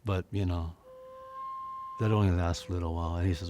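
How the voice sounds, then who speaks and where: Over instrumental music, a teacher-storyteller with a deep voice and Hawaiian Pidgin accent narrates a legend briskly yet with long pauses. His intonation stays fairly even, though he tells it dramatically, repeating things for emphasis.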